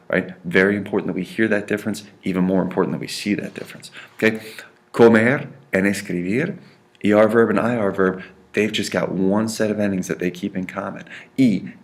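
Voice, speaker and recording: A man with a low, gravelly voice teaches a grammar lesson. He keeps checking in with his students and leans hard on the sounds he wants them to hear. The tone is patient and repetitive. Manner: checks in constantly with "right?" and "okay?"; stresses and repeats key sounds. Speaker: Spanish teacher.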